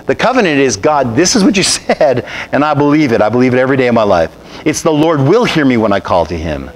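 A pastor preaching a sermon, calling on the congregation to repeat after him and answer. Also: male voice, mid-range voice, very animated, fast.

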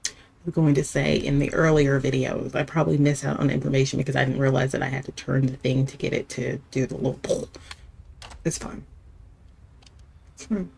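Jittery gravelly-voiced woman gamer. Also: rumbling low, little pitch movement, quick pace, a little mellow. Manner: jittery, drops to nervous whispers. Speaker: gaming channel host. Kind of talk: casual game commentary.

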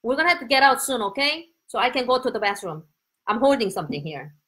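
A woman from Korea with a Korean accent, a Korean teacher giving a casual, excitable and spontaneous live-stream lesson. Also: fairly high pitch, quick pace. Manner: excitable, laughing, chatty and spontaneous.

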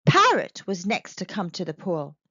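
A woman storyteller reading a children's picture book aloud in a slow, very expressive way. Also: lowish voice, breathy edge, no room sound, highs cut off.

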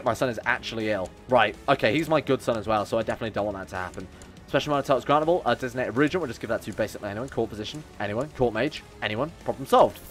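Joking, animated male game streamer. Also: medium pitch. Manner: animated, jokey, swears, talks to chat. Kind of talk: live gameplay commentary.

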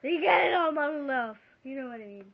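A woman's voice: sits high, animated, quick pace, vocal fry, crowd noise. A girl, chatting casually and teasing, with giggles and shrieky outbursts. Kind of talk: casual chat. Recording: dull lo-fi home video.

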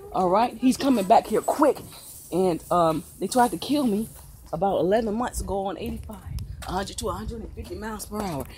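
A woman street preaching with urgency, talking fast and calling out to passersby. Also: mid-range voice, a little mellow, a little hiss or hum. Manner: urgent, rapid-fire, addressing passersby.

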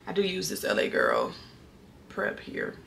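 A young woman chats openly to her viewers while she gets ready at home. Her voice is bright and lively. She sits a little away from the mic in a roomy, echoey space with a faint hiss behind her. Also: lowish voice, measured pace, vocal fry. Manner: chatty, candid, talks to viewers. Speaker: vlogger. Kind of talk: casual vlog chat. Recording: echoey room, distant mic.

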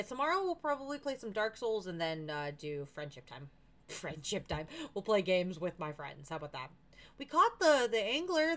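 A woman's voice: mid-range voice, fairly bright tone. A woman streamer giving casual, chatty commentary while playing a farming game, often talking to the characters.

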